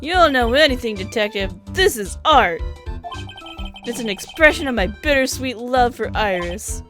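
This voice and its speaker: A high, squeaky young man voiced by a woman who wails and whines over every heartbreak. His pitch swings all over, bright and lively, with faint music behind him. He plays every line as a melodrama. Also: moderate pace. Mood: defiant. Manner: wailing, overdramatic. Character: whiny lovesick young man, dramatic.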